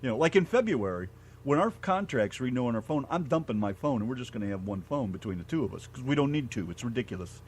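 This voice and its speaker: A man from Ohio co-hosting a casual radio show, folksy and blunt, quick to laugh. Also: medium pitch, lively intonation, a little mellow, slight background noise. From Ohio, USA. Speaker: radio co-host.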